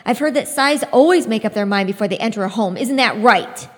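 A woman reading aloud and voicing a defiant, furious teenage girl who shouts high and fast. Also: close to an everyday voice. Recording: long hall reverb.

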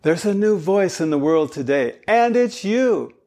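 Man, voice coach, gravelly, slow-paced, animated lesson. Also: high voice. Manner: animated, demonstrating vocal styles. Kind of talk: spoken lesson.

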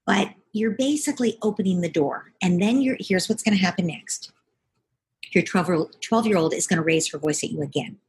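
A middle-aged woman giving parenting advice in a calm, coaching way. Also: fairly low pitch, a little fast, breathy edge. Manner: calm, coaching, acts out parent and child lines. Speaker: parenting expert guest. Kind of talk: conversational advice.

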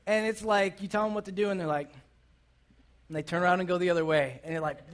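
Youth pastor, man, high voice, chatty sermon that keeps asking the crowd questions. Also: fast. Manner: conversational, asks the audience questions. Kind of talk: casual sermon.

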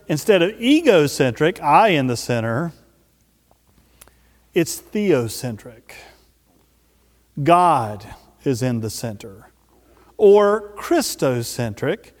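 A man preaching a sermon as pastor, emphatic, with slow drawn-out stresses. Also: a little high, long reverb tail.

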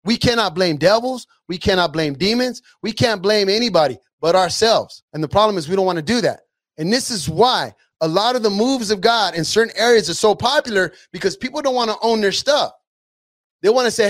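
A man's voice: high-pitched, fairly quick, no room sound. A man hosting a podcast, preaching in an emphatic, repetitive, conversational way. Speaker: podcast host.

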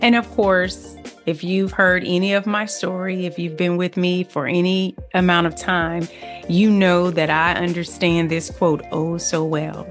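Woman podcast host, unhurried earnest testimony, soft music underneath. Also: lowish voice, flat delivery. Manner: earnest preaching delivery, reads scripture aloud, grows fervent. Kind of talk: faith-based testimony podcast.

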